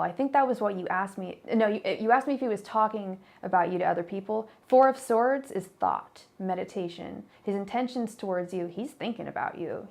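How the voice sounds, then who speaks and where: A woman's voice: mid-range voice, creaky. A young woman chatting casually on a livestream as a tarot reader, apologetic and rambling with many fillers and restarts.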